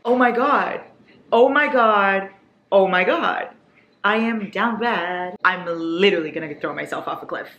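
A woman's voice: medium pitch, unhurried, fairly bright tone, lo-fi sound, slight background noise. A young woman vlogging about her reading at home, talking casually and dramatically, gushing and swearing as she reacts. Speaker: book vlogger.

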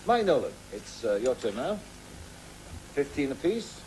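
Man, TV game show host, jovial and brisk, middle pitch, audience, tape hiss. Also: very animated, crowd noise, rough recording. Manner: jovial, brisk, announcing turns and scores. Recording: 1980s TV broadcast with studio audience and tape noise.

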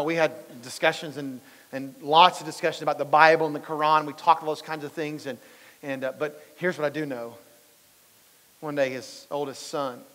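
A man with a somewhat high, slightly bright voice gives a chatty sermon as pastor, weaving in stories and asking the congregation questions. It's recorded in a church sanctuary, where the big hall's reverb lingers.

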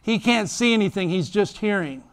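Here the same kind of church sermon comes from a man with a high, clean-toned voice at a moderate pace. As pastor, he brings his stories to life, animatedly voicing the characters.

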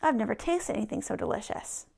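A man's voice: high voice, big pitch swings, quick pace, creaky, a little mellow, breathy edge, heavily acted. A man voicing a cheeky, mischievous little gnome boy, in a read-aloud storybook.

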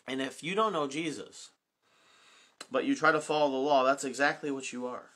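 A man leading a Bible study with a notably bright, forward voice. He alternates between reading scripture aloud and explaining it in loose, heartfelt talk. His speech is earnest and full of "you know"s and restarts. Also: mid-range voice, normal speed, long pauses. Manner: earnest, personal, many fillers and restarts. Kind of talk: reading scripture and teaching informally.

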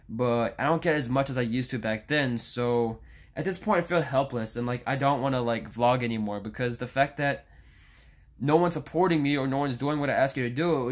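A nineteen-year-old man venting in a casual vlog, rambling and frustrated, with restarts and swearing. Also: mid-range voice. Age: young adult. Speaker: YouTuber.

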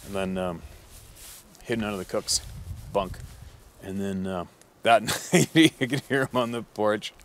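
A man's voice: on the low side, unhurried, pauses often, fairly bright tone. A man who works as a hunting guide, telling a story in a blunt, profane, rambling way with lots of fillers. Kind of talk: casual storytelling.

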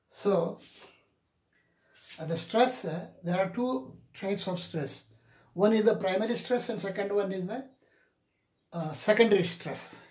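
A man teaching an English pronunciation lesson in a deliberate way, repeating each example word several times. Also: high-pitched, darkish tone. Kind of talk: classroom lecture on pronunciation. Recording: echoey room.

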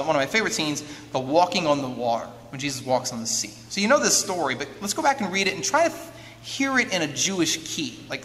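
A man giving a lively lecture, often turning to his listeners with quick questions to check that they follow. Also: on the high side. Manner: keeps checking in with listeners through rhetorical questions. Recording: long hall reverb with faint background noise.

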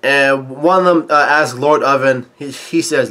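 A man casually reading a comic aloud with his own comments, halting and full of fillers, chuckling at the story. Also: mid-range voice, bright, forceful tone.

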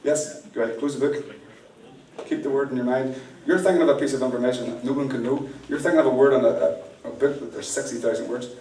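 Teasing stage magician. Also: male voice, medium pitch, steady tone, quick pace, dark tone. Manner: playful, teasing, directs volunteers. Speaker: magician performing mind-reading. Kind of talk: live stage magic patter. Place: large indoor venue with audience. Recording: echoey room, distant mic, faint noise.

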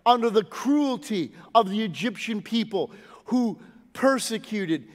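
A man preaching a sermon as pastor, swinging from loud rising lines to low, soft phrase endings. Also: expressive, a little slow, big-room sound.

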